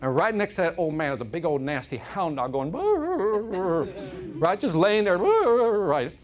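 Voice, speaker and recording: A man's voice: fairly high pitch, fairly quick. A man giving a motivational keynote to a live audience, telling stories and often asking the room questions. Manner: animated storyteller, asks the audience questions. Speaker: motivational speaker. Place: corporate event hall.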